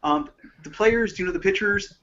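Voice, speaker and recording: A man, a panelist on a call, telling stories with excited enthusiasm. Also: high-pitched, moderate pace, dull audio, a little hiss or hum. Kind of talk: casual panel talk over a call.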